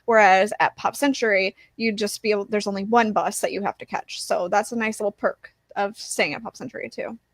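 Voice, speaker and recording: A woman's voice: medium pitch, steady tone, brisk, few pauses, no echo, studio quality. A woman co-hosting a casual podcast, thinking aloud, hesitant, with many fillers. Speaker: podcast co-host. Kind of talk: casual chat.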